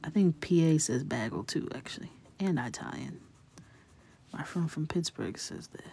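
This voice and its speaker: A woman's voice: deep voice, lively intonation, moderate pace, creaky, dark tone, a little hiss or hum. A woman hosting a coloring livestream, chatting casually, laughing and reacting to viewers' comments. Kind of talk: casual chat while coloring.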